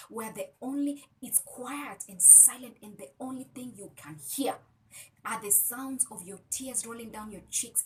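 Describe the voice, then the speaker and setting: Woman vlogger, motivational talker, punchy and preachy, mid-range voice, recorded from a distance. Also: medium pitch. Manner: emphatic, preachy, direct address. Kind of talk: motivational talk to camera. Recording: voice distant from the mic.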